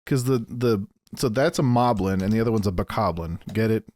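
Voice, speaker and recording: A man's voice: lowish voice, a little fast, a little mellow, no echo. A man co-hosting a podcast in casual chat, rambling with lots of restarts and fillers and swearing freely. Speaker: podcast co-host.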